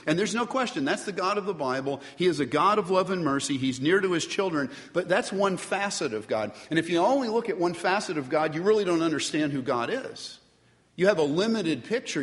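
A male pastor delivers an animated sermon, talking straight to his congregation with quick asides. His voice sits a little high for a man. The sound rings with the long reverb of a large hall.

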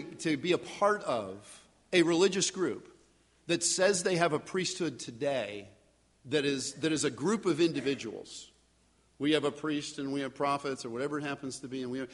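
A man delivers a sermon in a loose, conversational way, slipping into little acted voices for the people in the story. His voice sits a bit high for a man. The sound has the long, trailing reverb of a large hall. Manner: conversational, animated, acts out voices of biblical figures. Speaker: pastor.

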